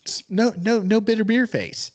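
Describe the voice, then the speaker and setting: A man with a slightly higher voice co-hosts a podcast in loose, casual chat. He rambles enthusiastically from one thought to the next and swears freely. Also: normal speed, a little mellow. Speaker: podcast co-host.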